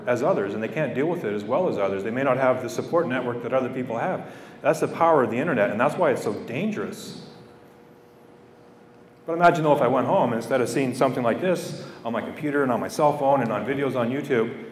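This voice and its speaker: A man's voice: medium pitch, a little hiss or hum. A middle-aged man from Canada giving a heartfelt public speech to students, repeating phrases for weight. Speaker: guest speaker. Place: school hall or gym. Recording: echoey hall from far off.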